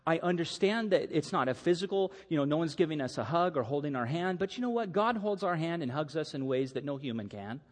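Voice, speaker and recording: A man's voice: fairly high pitch, lively intonation, fairly quick, hardly any pauses, in a large hall. A middle-aged man preaching a sermon as a pastor, telling stories animatedly and acting out the quotes.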